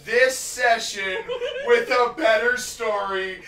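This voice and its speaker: A man in casual chat who reacts loudly, cursing and laughing. His voice rides high with lively swings and drawn-out words. It sounds echoey, caught from a step back off the mic. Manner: loud, excitable, swearing, laughing reactions. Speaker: podcast co-host. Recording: echoey room, mic from a distance.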